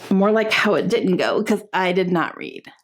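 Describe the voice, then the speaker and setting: Chatty woman vlogger, lowish voice. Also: big pitch swings, normal speed. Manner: chatty, laughing often, many ums. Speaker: book vlogger. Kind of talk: casual chat to camera.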